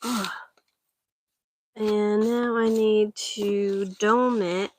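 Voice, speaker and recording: A woman's voice: mid-range voice, little pitch movement, drawn-out words, a little hiss or hum. A middle-aged woman chatting casually while potting seeds in a greenhouse, talking to her pets now and then. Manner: chatty, talks to her pets mid-task. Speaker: vlogger. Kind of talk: casual chat while gardening.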